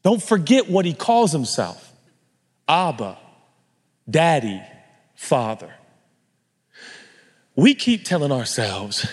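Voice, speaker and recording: A middle-aged man preaching a sermon as pastor, animated and joking in a conversational way. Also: on the high side, slow pace, long pauses, slightly rough, long reverb tail.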